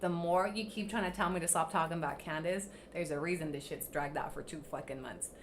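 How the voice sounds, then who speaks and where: A young woman hosts a casual livestream, ranting bluntly at critics in the comments and swearing plenty. Her voice sits lowish with a steady tone, she talks fairly quickly, and there's slight background noise.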